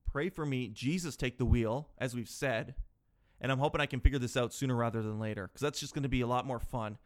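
A man of thirty runs his own solo podcast, speaking at medium pitch and a little fast into a podcast microphone. He rambles and jokes at his own expense, becoming exasperated as he goes on.

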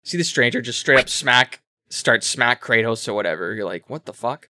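Brief: man, casual co-host, bright forceful voice, rambling excited retelling, dry sound. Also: medium pitch, moderate pace, no room sound. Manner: rambling, animated retelling with self-corrections and swearing. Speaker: podcast co-host explaining a game. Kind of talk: casual chat.

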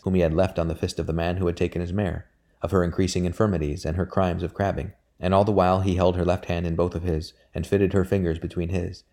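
A man reading a historical novel aloud as audiobook narration, with a measured, unhurried delivery. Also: sits low, dark tone. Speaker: audiobook reader.

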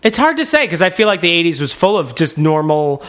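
A sarcastic man co-hosting a loose comedy podcast, laughing and swearing as he riffs. His voice sits high and bright, and it swings up and down a great deal. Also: very animated, brisk. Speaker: podcast co-host. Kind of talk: casual comedic chat.

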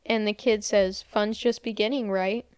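The clip is clean studio audio with no room sound, featuring a young woman's smooth, mid-range voice with fairly even intonation at normal speed. She's a podcast co-host giving a casual movie recap, quoting lines and saying "like" constantly.

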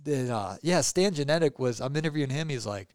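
A man's voice: mid-range voice, lively intonation, fairly quick, no echo. A middle-aged man hosting his podcast, talking in a rambling, upbeat, casual way with lots of fillers, close to the mic. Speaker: podcast host. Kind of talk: casual solo podcast outro.

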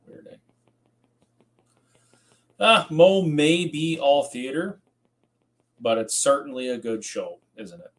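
A man's voice: fairly high pitch, slow pace, long pauses, rough recording. A tired man hosting a rambling late-night livestream, reading out viewer comments and chatting casually. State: tired, yawning. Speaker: host.

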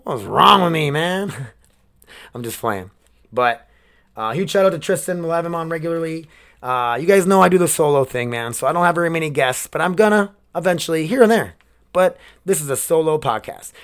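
A man's voice: fairly high pitch, clear, resonant tone. A man in his twenties hosting a solo podcast, rambling and swearing, emotionally worn down. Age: 20s. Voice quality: rambling, swearing, restarts sentences. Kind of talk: casual solo podcast rant.

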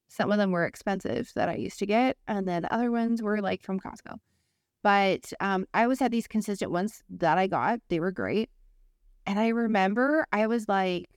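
A young woman co-hosting a casual podcast, telling a story with lively, swearing asides and acted-out quotes. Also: mid-range voice, dry recording, clean studio sound. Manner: lively, swears freely, acts out quoted voices. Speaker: podcast co-host.

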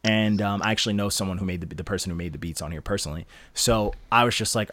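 A young man hosting a casual podcast chat, ranting about rap albums with animated, profane energy. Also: lowish voice, fast, few pauses, no room sound.

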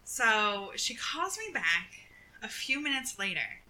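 A young woman co-hosting a casual chat, telling a story in an animated way and acting out what people said. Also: a little high, slow pace, rough recording. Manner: animated storyteller, acts out quotes, laughs often. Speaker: podcast co-host.

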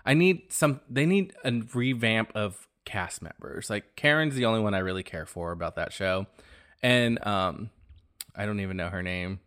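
A man hosting his own podcast, talking in a casual, animated and gossipy way, often exclaiming. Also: on the low side, normal speed, smooth. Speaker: podcast host.

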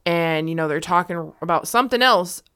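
A woman's voice: fairly low pitch, a little fast, bright, forceful tone, clean tone. A woman co-hosting a podcast, listening in a laid-back way and offering ideas. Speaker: podcast co-host. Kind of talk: casual chat.

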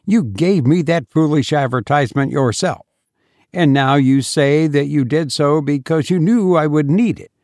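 Man narrator putting on a raised, sharp-edged young gentleman's voice, gravelly, skeptical and indignant, storybook reading. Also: fairly high pitch, moderate pace, no room sound, clean studio sound, lightly acted.

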